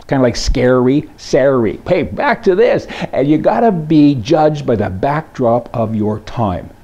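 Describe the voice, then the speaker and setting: A man hosts a rambling opinion monologue, telling jokes and firing off rhetorical questions. His voice is dark and mellow. The recording sounds dull and lo-fi. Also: medium pitch, animated, unhurried. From Canada. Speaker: host.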